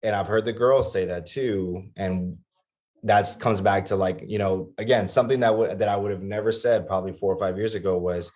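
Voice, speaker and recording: A man's voice: lowish voice, steady tone, normal speed, darkish tone. A man in his thirties talking as a guest on a podcast about being a father, earnest and reflective, with many restarts and fillers.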